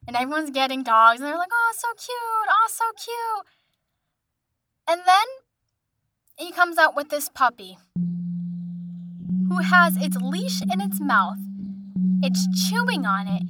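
Bright, chatty young woman telling a story. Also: sits high. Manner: chatty, animated, lots of fillers. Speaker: vlogger, musician. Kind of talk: storytime vlog.

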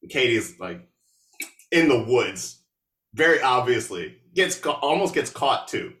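A man's voice: medium pitch, unhurried, echoey room, recorded from a distance. Sarcastic man recapping a movie. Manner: animated, sarcastic, with laughs and asides. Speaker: podcast host.

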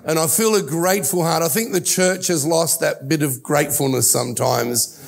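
A man in his sixties with an Australian accent preaches in an earnest, personal way, stopping now and then to restart a thought. His voice sits a bit high for a man and has a gravelly edge. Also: normal speed. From Italy. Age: 60s. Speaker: pastor. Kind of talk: sermon.

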